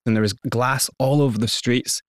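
A man with a Scottish accent, candidly recounting his past as an interview guest in a lively, conversational way. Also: mid-range voice, normal speed, no room sound, clean studio sound. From South Africa and Scotland. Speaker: interview guest, former hip-hop performer. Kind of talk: conversational storytelling.

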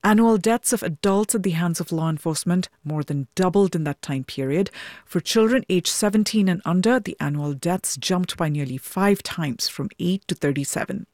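A woman news correspondent reporting study findings in a clear, even way. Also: fairly low pitch, normal speed, no echo, studio quality.

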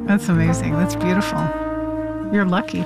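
A woman's voice: fairly low pitch, steady tone, moderate pace, gravelly, over loud music. A woman hosting a radio interview, asking short, attentive questions. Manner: attentive, brief reactions. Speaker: radio host.

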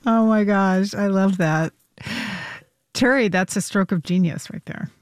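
A woman hosting a radio interview, asking brisk questions and adding encouraging interjections. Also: mid-range voice, dry recording, clean studio sound. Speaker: radio host.

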